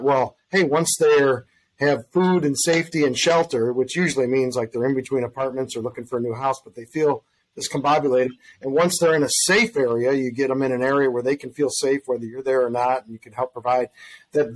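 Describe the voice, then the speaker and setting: A man's voice: medium pitch, rough recording. A man on a podcast, thinking aloud as he rambles through his experiences with dating. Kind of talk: casual conversation.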